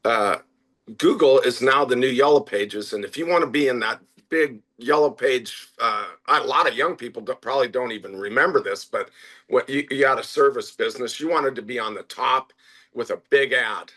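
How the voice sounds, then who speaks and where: A middle-aged man, a restaurant owner and interview guest, telling lively anecdotes full of quoted voices and frequent "uh" fillers. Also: medium pitch, moderate pace. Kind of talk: conversational interview storytelling.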